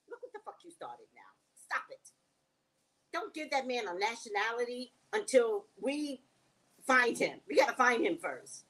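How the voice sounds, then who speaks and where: Lively, bright-voiced woman chatting live. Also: fairly high pitch, moderate pace. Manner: blunt, joking, lively, laughs often. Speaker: live-stream host reading viewer comments. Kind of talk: casual live-stream chat.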